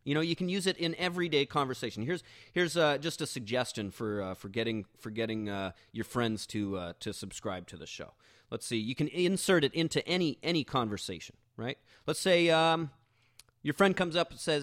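This podcast host speaks briskly in a mid-range, fairly bright voice, captured as clean studio sound without any room sound. His casual storytelling monologue is an embarrassing tale told in a rambling, self-deprecating way, full of restarts.

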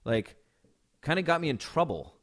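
A man hosting a casual interview who jokes around and asks quick follow-up questions. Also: fairly high pitch, expressive, fairly bright tone. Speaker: interview host.

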